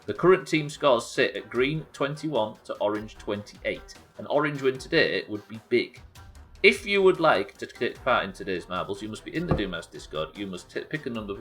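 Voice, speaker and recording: A man's voice: on the low side, lively intonation, normal speed, a bit bright, soft background music. A young man hosting a live game stream, bantering with chat in a sweary, exasperated way. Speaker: streamer host.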